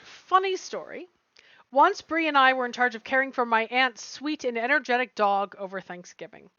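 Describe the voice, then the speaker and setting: A woman's voice: high-pitched, expressive, normal speed, pushed and bright, dry recording. A woman co-hosting a livestream, bubbly and playful in casual chat, reading viewer comments aloud. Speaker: co-host reading stories on a livestream. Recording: dry, dull lo-fi stream audio.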